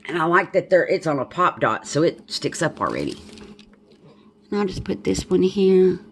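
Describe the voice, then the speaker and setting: A woman with a Southern accent chats casually at home while making a journal, thinking aloud and drifting into asides. Her voice is fairly low and very animated, at a normal speed, with a little hiss or hum.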